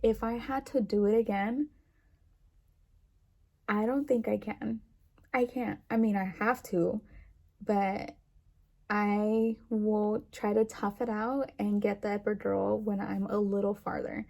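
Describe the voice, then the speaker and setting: A woman's voice: medium pitch, steady tone, measured pace, gravelly, long pauses, dark tone. A young woman chatting to camera in a rambling way with lots of fillers, emotional and near tears. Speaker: vlogger. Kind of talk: casual chat to camera.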